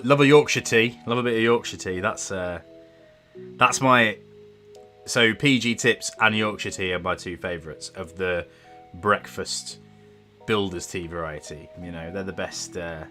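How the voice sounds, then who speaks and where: A man's voice: on the low side, sharp tone. A man streaming from home, chatting casually with a rambling, self-deprecating manner. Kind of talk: casual livestream chat.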